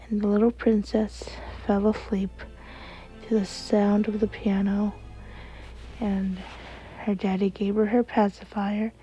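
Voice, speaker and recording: A woman telling a bedtime story in a soft, unhurried way. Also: medium pitch, level tone, faint music behind, poor audio.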